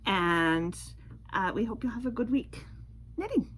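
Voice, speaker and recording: Easygoing woman podcast co-host, lively pitch. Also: unhurried, slight background noise, rough recording. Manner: easygoing, wraps up and steers the talk. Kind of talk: casual chat.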